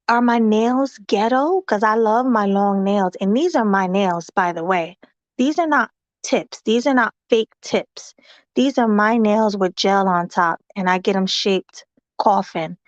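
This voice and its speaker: A woman hosting a casual live-stream chat, talking in an animated way and asking her viewers rhetorical questions. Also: a little high, dry recording, dull audio. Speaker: host.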